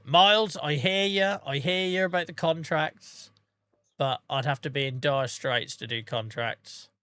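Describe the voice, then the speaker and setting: A man chatting casually on a gaming livestream, calling viewers by name and humming little tunes between remarks. His voice is bright and forward, and it sounds dry and close. He sounds relaxed. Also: fairly high pitch, unhurried, clear, resonant tone, dry recording. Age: adult with a day job. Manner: chatty, talks to viewers by name, hums to himself. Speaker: streamer.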